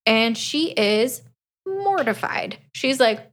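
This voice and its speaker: A woman's voice: a little high, lively intonation, slow pace. Chatty woman recapping a book. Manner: chatty, acts out quotes from the book. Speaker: podcast co-host.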